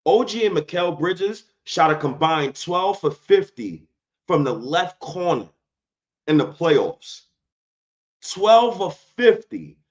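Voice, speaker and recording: A man's voice: sits high, expressive, slow pace, highs cut off. A man hosting a solo sports podcast, talking in a heated, slangy and emphatic rant.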